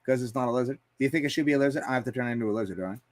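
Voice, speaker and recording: Man, live streamer, casual, rambling, swears a lot, thinking out loud, mid-range voice. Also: medium pitch, rapid-fire. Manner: rambling, talks to himself and chat, swears often. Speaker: live streamer painting on air. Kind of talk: casual live-stream chat while painting.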